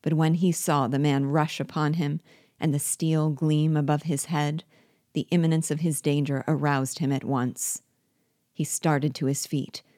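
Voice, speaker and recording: A woman reading a classic novel aloud in a measured, expressive storytelling manner. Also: low voice, no room sound, studio quality. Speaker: reader and teacher.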